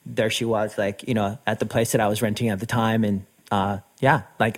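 A middle-aged man whose first language is Spanish, telling stories as a podcast guest in a lively, casual way, acting out quoted voices. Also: lowish voice, normal speed. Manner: animated, acts out quoted voices with laughs. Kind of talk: casual storytelling interview.

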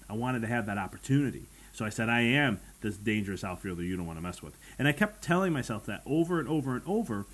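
A middle-aged man hosting a podcast, speaking earnestly in a motivational monologue and repeating phrases for emphasis. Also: medium pitch. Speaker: podcast host.

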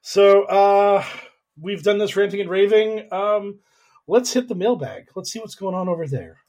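A man's voice: high voice, a little slow, darkish tone. A man hosting a podcast, ranting about politics in an emphatic, profane, exasperated way, with a voice he calls whiny. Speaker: podcast host.

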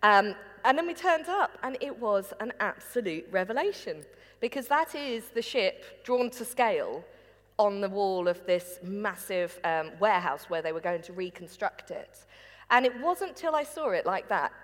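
A woman's voice: medium pitch, normal speed, in a large hall. A woman, a documentary presenter and academic, chatting casually and laughing as she tells behind-the-scenes stories. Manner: lively, laughing storyteller.

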